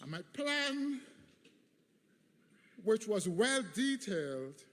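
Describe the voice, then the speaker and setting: Slow, high-voiced man preaching a commencement. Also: sing-song, fairly bright tone. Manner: emphatic, with rhythmic repetition. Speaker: commencement speaker. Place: large hall at a graduation ceremony. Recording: long hall reverb.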